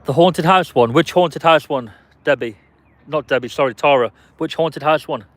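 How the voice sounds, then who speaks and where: A man's voice: on the high side, normal speed, dry recording. A man live-streaming from a parked car in a casual, chatty way, answering viewers' comments by name and playfully guessing the names of passers-by.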